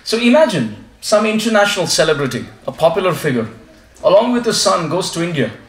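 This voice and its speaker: A man preaching at a home devotional gathering, telling a story with lively storytelling and acting out passers-by. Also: high voice, fairly quick, reverberant. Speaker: visiting preacher. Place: living room of a home gathering.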